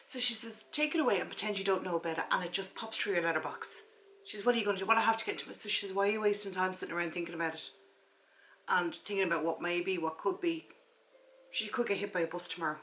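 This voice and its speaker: Rapid-fire and pushed, her medium-pitched voice sounds bright on this rough camera-mic recording. She's an Irish vlogger in her forties, sitting in her front room and chattily retelling a conversation with a friend, acting out what the friend said.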